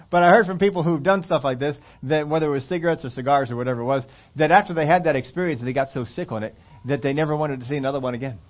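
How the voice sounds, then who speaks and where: Male preacher, animated storyteller, slightly high voice, dull recording. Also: very fast. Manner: animated storytelling, emphatic repetition. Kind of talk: sermon with scripture reading.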